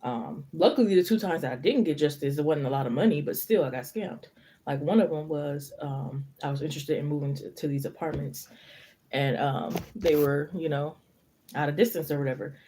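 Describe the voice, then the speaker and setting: A young woman talks casually to her live-stream viewers as a tarot reader. Her voice is soft and mellow, and she rambles from story to story, padding her speech with fillers. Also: deep voice, brisk, slight background noise.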